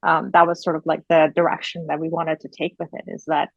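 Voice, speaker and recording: Lady costume designer rambling casually, lots of "like"s, low-ish voice, dry close sound. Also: flat delivery, brisk, vocal fry, dry recording, dull audio. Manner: chatty, many filler "like"s, laughs easily. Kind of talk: casual interview chat.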